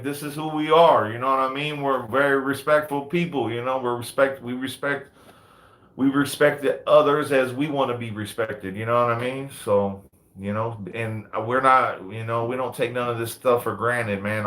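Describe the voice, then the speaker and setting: Laid-back bright-voiced man in his thirties. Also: mid-range voice, echoey room. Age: 30s. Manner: laid-back, fills talk with "man" and "you know what I mean". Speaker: livestream host and dog breeder. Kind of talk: casual live chat. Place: indoors under big lights.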